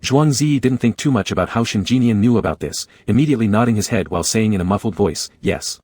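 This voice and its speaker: Man, audiobook narrator, deep voice, slightly husky, dry close sound, measured. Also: darkish tone, no room sound.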